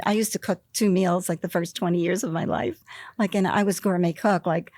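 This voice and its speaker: A woman's voice: on the low side, fairly quick. An older woman from the US East Coast, a podcast guest telling her story candidly and acting out what was said to her. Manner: animated, laughing, acts out quoted lines. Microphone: studio microphone.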